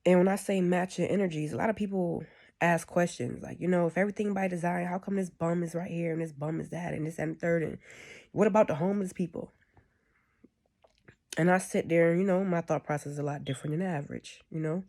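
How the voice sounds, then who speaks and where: A woman's voice: on the low side, fairly even intonation, fairly quick, darkish tone. A woman giving a casual, rambling spiritual monologue, often checking in with "you know what I'm saying.". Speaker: spiritual speaker.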